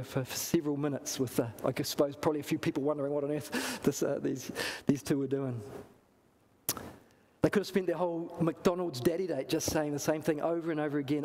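High-voiced man preaching a sermon. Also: a little fast, a little mellow, long reverb tail. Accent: New Zealand. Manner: storytelling, acts out quoted voices. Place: church.

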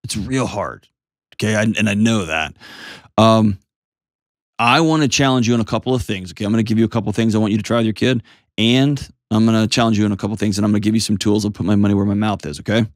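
Guy hosting an advice call-in show, lowish voice, dry close studio sound, talks straight and earnest. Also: quick pace, dry recording. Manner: direct, coaching, earnest. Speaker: host giving advice.

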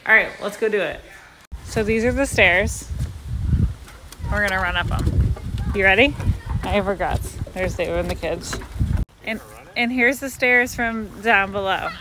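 A woman's voice: mid-range voice, unhurried, long pauses, noisy background. Chatty woman vlogging outdoors. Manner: chatty, upbeat, talking to camera while walking. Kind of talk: casual vlog chat. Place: outdoors by lakeside stairs.

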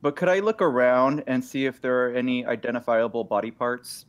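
A man's voice: medium pitch, fairly even intonation, fairly quick, clean tone. A man playing in a tabletop game, chatting casually in a blunt, playful way. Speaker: player.

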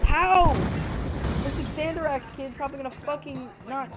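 A woman's voice: high-pitched, unhurried, very noisy. Young woman raging over gameplay. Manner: raging, cursing, sudden shouted outbursts. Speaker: streamer. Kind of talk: live gameplay commentary. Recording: loud gunfire over the voice. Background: loud game gunfire and explosions.

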